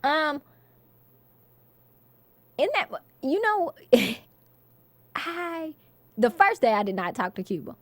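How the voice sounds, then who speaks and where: A woman, an actress, being interviewed and telling lively stories about her work, laughing often and acting out quotes. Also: high voice, takes it slowly, long pauses, dry recording. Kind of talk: casual interview storytelling.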